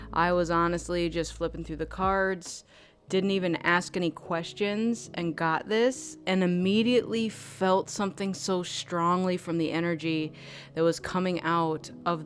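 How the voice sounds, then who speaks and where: Woman tarot reader, unhurried, effusive, mid-pitched, faint background music. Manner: effusive and emotional, many "like" fillers. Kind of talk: intuitive tarot reading vlog.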